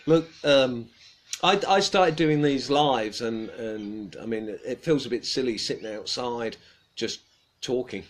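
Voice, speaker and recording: A man's voice: medium pitch, a little slow. A man hosting a casual livestream outdoors. He tells a rambling, self-deprecating story and chuckles often. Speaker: livestream host.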